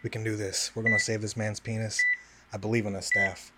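A man's voice: lowish voice, little pitch movement, brisk, natural voice. A man playing an overwhelmed male surgeon, breaking into giggles as he tries to stay serious. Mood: flustered. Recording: loud background noise.

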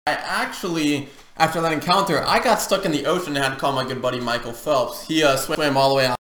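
A man's voice: fairly high pitch, fast talker, fairly bright tone, reverberant. A man co-hosting a casual podcast chat, loose and joking. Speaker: podcast co-host.

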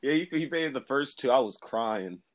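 A man's voice: medium pitch, lively intonation, fairly quick, no echo. A man co-hosting a casual chat, easygoing and agreeable, thinking aloud as he talks. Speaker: podcast co-host.

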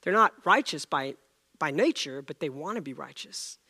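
A middle-aged male preacher delivering a sermon through a personal story. His voice sits a little high for a man, with a bright, forceful tone and a gravelly rasp. He acts out the dialogue with animated shifts as he tells it. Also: normal speed. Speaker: pastor.

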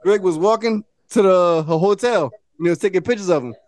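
Male podcast host, animated, profane storyteller, dry close sound. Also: high-pitched, a little fast, dry recording. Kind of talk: casual chat.

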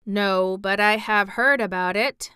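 Woman reading as a copper clockwork man, stiff, polite, measured, smooth resonant tone, slow, dry close sound. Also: mid-range voice, pushed and bright, no room sound. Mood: courteous.

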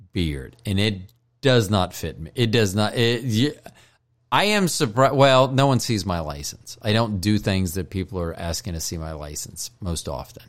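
A low-voiced man hosts his own podcast while high, drifting from joke to joke. He swears freely and keeps apologizing for himself in a loose, self-mocking ramble. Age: older. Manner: profane, joking, self-deprecating. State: stoned. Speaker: podcast host.

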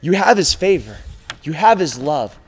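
A man with a notably high voice preaches a sermon. He repeats phrases for emphasis and moves between quiet, intimate lines and loud, driving appeals. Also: big pitch swings, normal speed, slightly rough. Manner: impassioned, repetitive, swings from hushed to loud.

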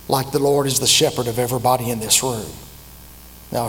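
A man, preaching a sermon in a personal, conversational way that is full of pauses and restarts. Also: medium pitch, fairly bright tone. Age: 50s. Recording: reverberant hall with faint hum.

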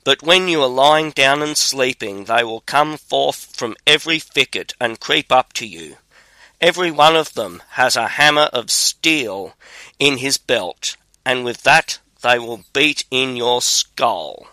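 A man's voice: mid-range voice, lively intonation, measured pace, bright, forceful tone, dry recording, poor audio. A man reading the lines of a fearless, crafty young drummer. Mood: bold.

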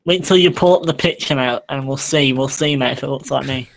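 A man's voice: mid-range voice, brisk, creaky. A man in casual podcast chat, blunt and dismissive, tacking "mate" onto nearly every phrase.

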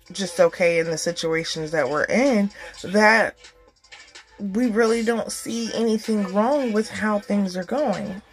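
Woman host, slow and rambling, encouraging, faint music behind. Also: medium pitch, poor audio. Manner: warm, encouraging, rambling with many fillers. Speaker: podcast host. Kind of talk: casual heartfelt talk.

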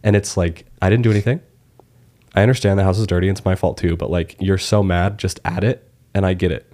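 A young man hosting a podcast, chatting casually and telling crude, animated stories about home life. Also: sits low, quick pace. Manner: joking, crude, animated storyteller. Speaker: podcast host. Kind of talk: casual chat.

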